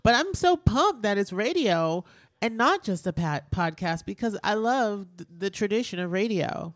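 A woman hosting a radio show, talking loosely and candidly with lots of "like" and frequent swearing. Her voice sits at an ordinary pitch for a woman. The studio sound is dry and close, with no room around it. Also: lively intonation, moderate pace, dry recording. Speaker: radio host. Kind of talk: casual radio chat.

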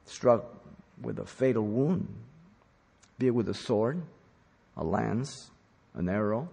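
A man preaching a sermon as a pastor, deliberate and emphatic, pressing hard on key words. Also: mid-range voice, vocal fry, darkish tone, breathy edge. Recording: long hall reverb.

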